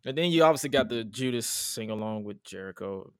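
A man's voice: fairly low pitch, brisk, clean tone, no room sound, clean studio sound. A man co-hosting a wrestling podcast, talking casually and animatedly, swearing and acting out quotes. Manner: animated, profane, acts out quotes. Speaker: podcast co-host.

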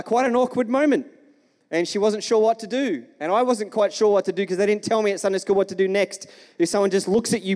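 High-voiced male pastor telling a story. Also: a little mellow. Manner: storytelling, engages the congregation with questions. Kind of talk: sermon. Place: church. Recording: long reverb of a church hall.

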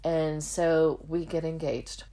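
An earnest woman shares her personal testimony as a podcast host, speaking in a heartfelt storytelling way. Her voice sits a little low for a woman, and she acts out the lines of the people in her story. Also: level tone, takes it slowly, mellow.

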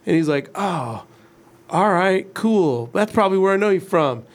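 A man's voice: high voice, expressive, moderate pace. A man in his forties, co-hosting a casual livestream chat and telling rambling stories. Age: 40s. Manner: storytelling, rambling. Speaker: co-host.

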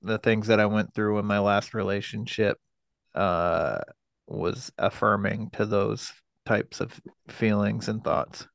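A man in his thirties, a podcast guest telling a personal story in a halting, profane way, with many fillers and restarts. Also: on the low side, fairly even intonation, gravelly, no room sound.

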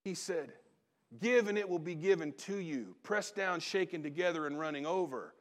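High-voiced man preaching with stories. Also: moderate pace. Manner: animated storyteller with sudden drops to quiet asides. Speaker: pastor. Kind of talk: sermon storytelling.

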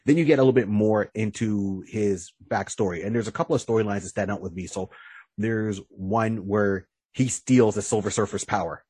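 A man's voice: on the low side, moderate pace, warm tone, breathy edge, no echo. A man co-hosting a podcast in casual chat, animatedly retelling stories and acting out characters' lines. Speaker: podcast co-host.

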